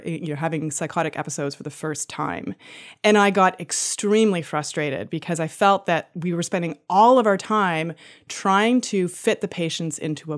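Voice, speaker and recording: A woman with a fairly low voice talks in a casual, reflective way. She pauses to search for her words as she recalls memories. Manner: reflective, hesitant with fillers. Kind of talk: casual chat.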